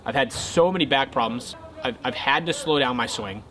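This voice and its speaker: A young man casually telling a golf story to his viewers, excitable and then earnest. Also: medium pitch, moderate pace, slight background noise. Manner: excitable retelling, quieter and earnest when talking faith. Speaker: golf content creator.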